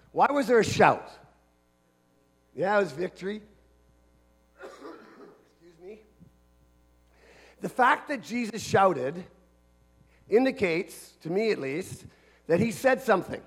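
A man preaching a sermon in an earnest manner, dropping to a hush and then building to shouts. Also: high voice.

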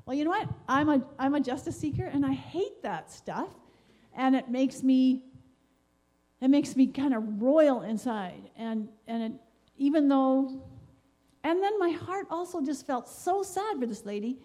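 Earnest, soft-toned woman sharing testimony. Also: high voice, animated, unhurried. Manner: meandering, many fillers and restarts; earnest and heartfelt. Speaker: church speaker sharing a devotion. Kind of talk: rambling personal testimony.

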